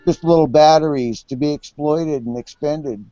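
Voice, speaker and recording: A man's voice: fairly high pitch, normal speed, dark tone, dry recording, faint music behind. A man in his fifties talking casually, bitter and profane, often stammering and repeating words. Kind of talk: casual chat. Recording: dull lo-fi recording.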